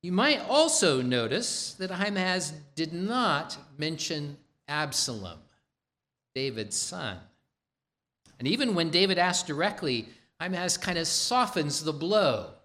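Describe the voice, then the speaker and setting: A man preaching a sermon, retelling a scripture story in a measured way and voicing the quoted characters' lines himself. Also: a little high, very animated, bright, forceful tone.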